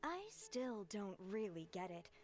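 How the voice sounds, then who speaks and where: A woman's voice: medium pitch, lively intonation, a little slow, noisy background, close to an everyday voice. A woman voicing a puzzled young female bystander in a game. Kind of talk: game cutscene voice acting.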